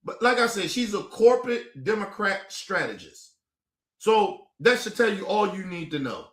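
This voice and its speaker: High-pitched ranting man, echoey room. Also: very animated, moderate pace. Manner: profane, exasperated ranting, rising to shouts. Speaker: political commentary streamer. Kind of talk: casual heated commentary.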